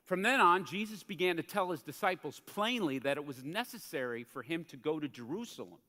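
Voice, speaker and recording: Animated preaching man in a reverberant hall. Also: on the high side, fairly quick. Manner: animated, conversational preaching, acts out quotes. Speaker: pastor. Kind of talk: sermon. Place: church sanctuary.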